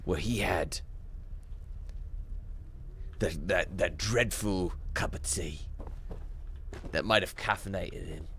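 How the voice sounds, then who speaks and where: Stuffy mock-British narrator put on by a man, low and slow with bright edge, parody of a dull documentary. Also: a little hiss or hum, heavily acted. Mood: mock-solemn. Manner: slow, mock-grave storytelling.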